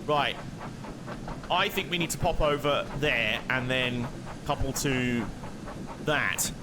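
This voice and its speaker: A man's voice: medium pitch, takes it slowly, background noise. A man giving casual, chatty live commentary while streaming a game, muttering to himself and laughing often.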